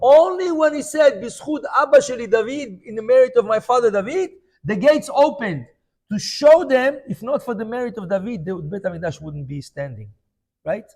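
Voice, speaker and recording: A man teaching a Talmud lesson as a rabbi, his voice sitting high for a man. He tells the story with animation, slips into the voices of the people he quotes, and keeps checking in with his listeners. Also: lively intonation, moderate pace, mellow. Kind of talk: Talmud class.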